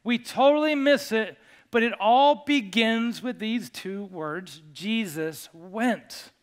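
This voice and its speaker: A male pastor giving a sermon to his congregation in a church, animated and joking as he coaxes them along. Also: very high voice, takes it slowly, clean tone. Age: over 25. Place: church sanctuary.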